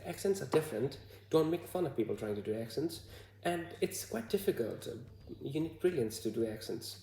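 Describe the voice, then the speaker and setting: A man from Bhutan with a Bhutanese accent, talking to the camera in a hesitant, halting way full of fillers. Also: a little high, expressive, warm tone, roomy sound. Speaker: vlogger. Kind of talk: casual talk to camera.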